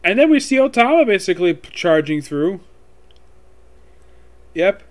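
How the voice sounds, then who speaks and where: A man casually recapping a manga chapter, rambling and reading lines aloud in quick voices. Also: sits high, very animated. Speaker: manga reviewer.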